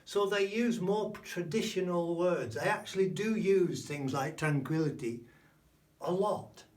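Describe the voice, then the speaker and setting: A man giving a spoken language lesson, explaining slowly and repeating key words. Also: high voice, distant mic. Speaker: language teacher.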